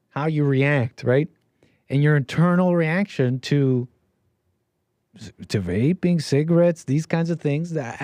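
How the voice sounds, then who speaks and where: A man's voice: a little high, warm tone, no echo. A man livestreaming, rambling casually with many repeats and restarts. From Canada. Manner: meandering, repeats words and restarts.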